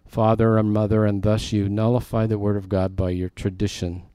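A man's voice: lowish voice, level tone, normal speed, warm tone, clean tone, dry recording. A man teaching the Bible verse by verse in a conversational, emphatic way, often turning aside to talk to his class.

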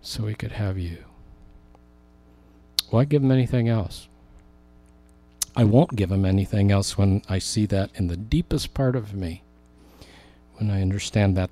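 A man's voice: lowish voice, a little mellow, no echo. Impassioned male preacher, dry sound. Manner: impassioned preaching, rising for emphasis, slowing on key words. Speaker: pastor. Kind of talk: sermon.

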